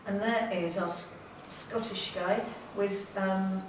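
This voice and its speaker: A woman speaks as an artist giving an informal gallery talk, chatty and self-deprecating with bursts of enthusiasm. Her voice sits at a middle pitch and carries from some distance off the microphone. A heavy echo from the gallery room hangs around every word. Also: steady tone, takes it slowly, slight background noise. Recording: very echoey room, voice from afar.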